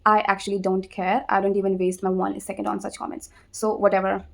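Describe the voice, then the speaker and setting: A young Indian-accented woman talks straight to her viewers in a loose, conversational vlog. Her voice sits at an ordinary middle pitch. She repeats phrases, pauses mid-thought and keeps checking in with a quick "okay?". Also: flat delivery, gravelly. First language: Hindi. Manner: repetitive, conversational, frequent tag "okay?", pauses to think. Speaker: vlogger. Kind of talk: casual advice vlog.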